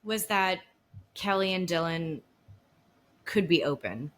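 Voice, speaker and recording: A woman's voice: lowish voice, animated, slow, fairly bright tone. A woman co-hosting a podcast, adding dry, wry remarks in casual chat. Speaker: podcast co-host.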